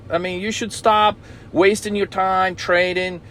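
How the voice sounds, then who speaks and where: A man's voice: sits high, flat delivery, measured pace, sharp tone, slight background noise. Blunt, cursing male trading coach. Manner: profane, blunt, repeats "okay?". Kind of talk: blunt motivational talk.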